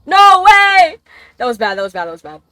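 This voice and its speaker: A woman's voice: mid-range voice, racing, no echo. A young woman streaming a game, chatting casually, swearing, laughing and exclaiming as she plays.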